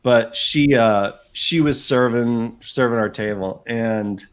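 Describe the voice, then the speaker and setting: A man, a guest telling animated anecdotes in a casual chat, with frequent asides. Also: medium pitch, takes it slowly, clean tone. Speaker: guest author. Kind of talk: casual storytelling.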